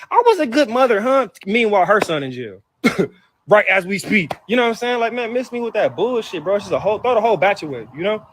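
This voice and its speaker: A man vlogging, hurt and upset, venting about family in heated, profane outbursts that keep circling back. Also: sits high. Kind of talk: emotional personal venting to camera.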